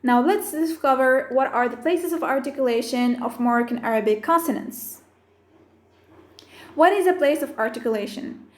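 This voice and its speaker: Female language teacher, high voice, careful measured delivery, roomy echo. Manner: slow, careful listing of sounds and terms. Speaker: Arabic teacher. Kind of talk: explaining phonetics with slides.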